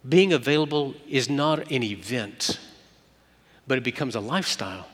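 A man preaching a sermon, moving between loud emphatic peaks and hushed quiet passages. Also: mid-range voice, animated, normal speed. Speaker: pastor. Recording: long hall reverb.

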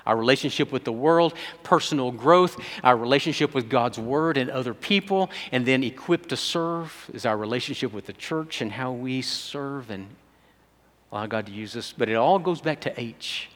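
A male pastor gives a conversational sermon and puts direct questions to the congregation. His voice is mid-pitched and steady. A long reverb from the church hall trails his words. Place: church sanctuary.

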